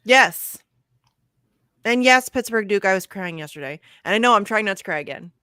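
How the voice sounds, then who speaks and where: A woman's voice: mid-range voice, lively intonation, normal speed, sharp tone, no echo, studio quality. A woman co-hosting a political talk show, indignant and fighting back tears as she swears openly. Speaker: co-host. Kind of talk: emotional political commentary.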